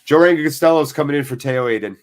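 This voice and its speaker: A man hosting a live football watchalong from a cold room attached to his house, commentating with excited, jokey chatter and replying to viewers. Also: a little high, rapid-fire.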